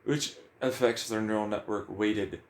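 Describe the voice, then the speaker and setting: A man's voice: on the low side, measured pace. A man talking bluntly about emotions in a casual, profane monologue, firing questions at himself.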